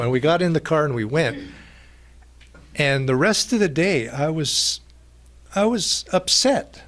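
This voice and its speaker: A mild, gentle man telling a personal spiritual story at a retreat, in a halting way with many restarts and fillers. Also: on the high side, expressive. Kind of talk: reflective storytelling talk.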